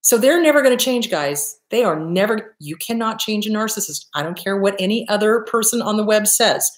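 A woman delivers advice straight to her listeners, blunt and profane, hammering each point home by repeating it. Her voice sits at a middling pitch and carries the echo of a bare room. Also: lively intonation, brisk. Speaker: host, therapist giving advice. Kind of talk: casual direct-to-camera advice talk.

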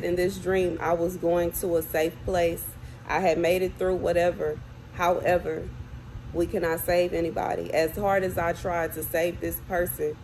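A woman's voice: lowish voice, darkish tone, slight background noise, poor audio. A woman crying as she urgently warns her viewers, repeating phrases over and over. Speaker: self-described prophet. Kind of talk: tearful warning to viewers. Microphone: phone or camera close up.

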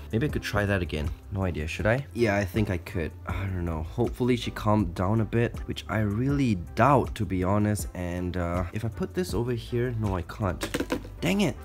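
A man's voice: fairly low pitch, expressive, normal speed, few pauses, faint music behind. A man vlogging as he handles a defensive tarantula, anxious and exclaiming, talking to viewers and to the spider. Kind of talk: casual vlog narration while handling a spider.

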